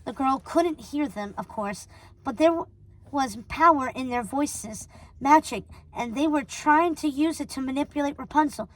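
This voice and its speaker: A woman narrating a storybook read-aloud in an expressive, animated way. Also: high voice, normal speed, no echo, poor audio. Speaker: storybook reader.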